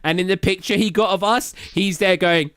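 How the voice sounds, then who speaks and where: A young British man streaming live, telling rambling travel stories in casual chat, full of fillers and quick laughs. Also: sits high, fairly bright tone, smooth, no echo. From Britain. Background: faint game music.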